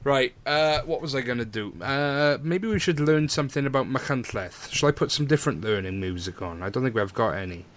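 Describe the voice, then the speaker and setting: A man's voice: medium pitch, a little fast, hardly any pauses. A man hosting a casual radio chat show, teasing his guest and reading out facts in a joking manner. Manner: jokey, teasing, reads facts aloud.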